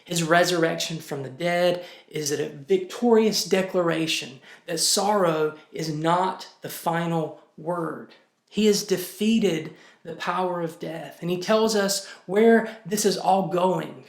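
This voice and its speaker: A male pastor delivers a sermon in a slow, deliberate, earnest cadence. His voice is gravelly with a touch of fry and sits a little high for a man. The sound is roomy and echoey. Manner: slow, measured and earnest, with gentle pauses. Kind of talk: short sermon message.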